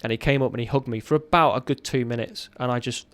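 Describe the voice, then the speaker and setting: A man in his thirties, a podcast guest, telling a raw personal story in an earnest, halting way. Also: mid-range voice, fairly even intonation.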